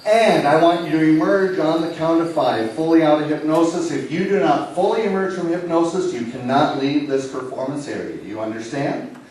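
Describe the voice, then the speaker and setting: Picked up from a distance in an echo-filled indoor city hall space, this Lincoln, Nebraska native plays a hypnotist in a comedy act. He slowly coaxes listeners to relax, his voice easing soft and deep, and a light hum or hiss lingers in the background.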